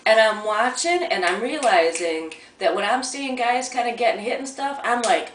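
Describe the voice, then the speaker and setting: A woman's voice: fairly high pitch, expressive, normal speed, few pauses, slight background noise. Woman, casual storytelling, rambling and chatty, distant mic, echoey room at home. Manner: chatty, rambling, with many restarts. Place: at home, near a coffee maker. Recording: roomy sound from a distant mic.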